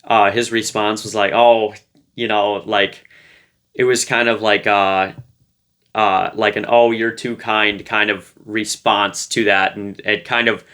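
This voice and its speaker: A man's voice: on the low side, level tone, measured pace, bright, forceful tone. A man giving casual relationship advice to camera, talking in a loose, playful way with lots of fillers. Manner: loose and conversational, full of fillers; playful, light-hearted.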